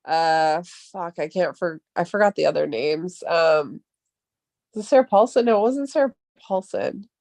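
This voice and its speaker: A woman's voice: animated, unhurried, a little mellow, dry recording. Valley Girl woman chatting, dry sound. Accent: Californian Valley Girl. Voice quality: upspeak, peppered with "like", swears casually. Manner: chatty, laughs often, jumps in pitch when quoting. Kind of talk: casual chat.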